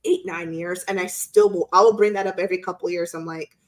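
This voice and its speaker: A middle-aged woman co-hosting a casual live-stream chat, telling an animated story and acting out quotes in squeaky voices. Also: brisk. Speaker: co-host.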